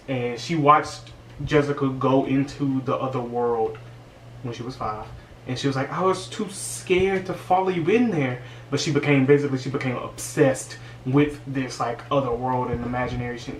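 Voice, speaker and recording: A man recaps a movie in an animated, slangy rant at a middling pitch. He sits away from the mic in a roomy space, and faint ambience runs underneath. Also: moderate pace, far from the mic, slight background noise. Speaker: movie reviewer.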